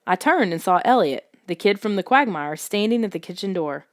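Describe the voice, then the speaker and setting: A woman narrating a children's story in the first person with expressive storytelling. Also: medium pitch, brisk, dry recording, studio quality. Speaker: audiobook narrator.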